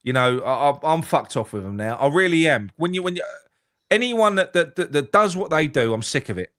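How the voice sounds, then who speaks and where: A man co-hosting a casual football fan call-in show, sweary and quick to repeat himself. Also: fairly high pitch, expressive, a bit bright. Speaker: co-host.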